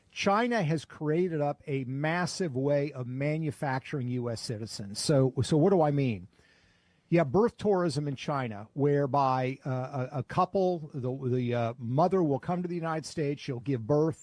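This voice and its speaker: A man appearing as a guest author on a news interview, explaining a point in a measured way with a few fillers. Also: fairly high pitch, a little mellow, dry recording. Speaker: author and think-tank guest.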